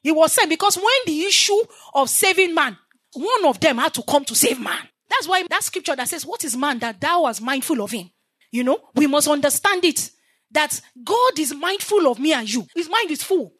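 A woman's voice: high voice, lively intonation, moderate pace, a bit bright. A woman preaching a sermon, teaching emphatically with repetition and call-and-response, leaving scripture lines for the listeners to finish.

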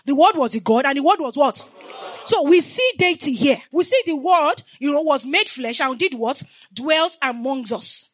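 A woman's voice: sits high, expressive, normal speed. A woman preaching a sermon, teaching emphatically with repetition and call-and-response, leaving scripture lines for the listeners to finish.

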